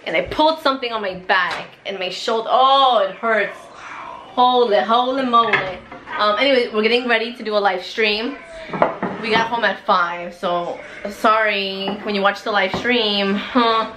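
A young woman chatting casually at home as a family vlogger, excitable and quick to laugh. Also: mid-range voice, a little hiss or hum, low-quality recording. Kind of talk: casual chat.

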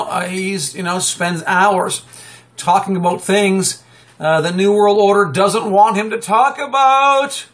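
Excitable high-voiced rambling man. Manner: excitable, chatty, many fillers and restarts, sudden high exclamations. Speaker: live-stream host. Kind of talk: rambling political commentary monologue.

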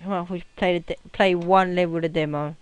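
A young man giving casual gameplay commentary at his computer, rowdy and swearing, often yelling at the game. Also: high voice, steady tone, brisk, smooth, no room sound. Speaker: gaming commentator.

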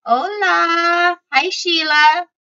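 Over dull, lo-fi home stream audio, a middle-aged woman runs a craft livestream, greeting viewers by name in casual chat. Her voice is very high, fairly even in intonation, extremely slow, bright, and forceful.

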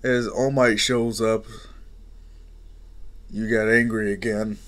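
A man's voice: lowish voice, little pitch movement, slow pace, fairly bright tone. A man casually narrating an improvised fan story, rambling with fillers and restarts.

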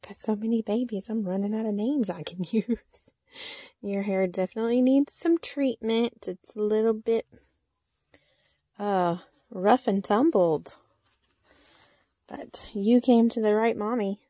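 A woman's voice: medium pitch, a little slow, long pauses, dark tone, no room sound. A woman unboxing a reborn doll on her channel, talking in a cooing baby-talk way and giggling often. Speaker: reborn doll collector and vlogger. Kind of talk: casual unboxing chat.

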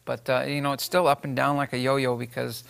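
Gravelly-voiced man, a restaurant owner. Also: mid-range voice, little pitch movement, fairly quick, a bit bright. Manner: plain, easygoing answers. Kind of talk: casual interview.

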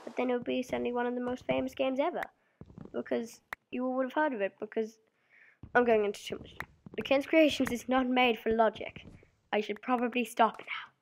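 A woman's voice: a little high, little pitch movement, brisk, gravelly. A young woman casually commenting on her game play, rambling playfully and acting out silly imagined conversations. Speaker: let's play gamer. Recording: noisy home mic recording.

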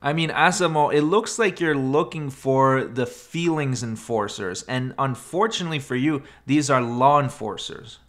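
A man's voice: mid-range voice, moderate pace, few pauses, fairly bright tone. A man giving a sarcastic, scornful commentary voice-over. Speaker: commentary narrator.

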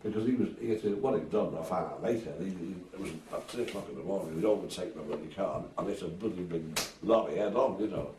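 An older man from Merseyside, England, a retired drummer and band agent, tells stories in a casual interview with a deep voice, speaking fast with few pauses. He's a lively storyteller who acts out the voices of people he quotes and swears freely. The room is echoey, recorded from far off with faint hiss.

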